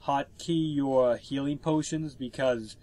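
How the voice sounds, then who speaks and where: A walkthrough narrator, his voice stuffed up from a cold, explains the gameplay in a chatty way peppered with filler words. He takes it slowly, with a mid-range, darkish voice and fairly even intonation.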